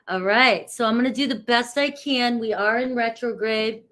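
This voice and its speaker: A woman's voice: on the high side, normal speed, hardly any pauses, a bit bright. A middle-aged woman from New England who reads tarot, chatting casually on a live stream and greeting viewers by name in a rambling way. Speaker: tarot reader.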